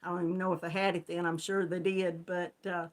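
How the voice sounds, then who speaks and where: A woman's voice: on the low side, little pitch movement, brisk. A woman with a country Southern Georgia accent, hosting a casual live chat stream, greeting viewers by name and laughing often.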